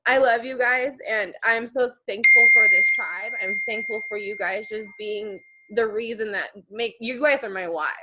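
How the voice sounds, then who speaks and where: Teary, impassioned woman team leader, slightly high voice, motivational speech full of repetition. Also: normal speed, hardly any pauses, rough recording. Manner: emotional, impassioned, repeating phrases for emphasis.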